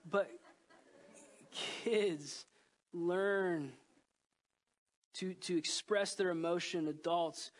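A man in his thirties preaching a sermon as pastor, earnest and emotional, swinging between loud pleas and hushed lines. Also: a little high.

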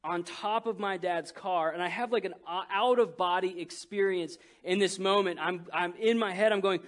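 A man preaching a sermon, telling a story with animated swings between loud bursts and hushed, quiet lines. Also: sits high, normal speed. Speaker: pastor.

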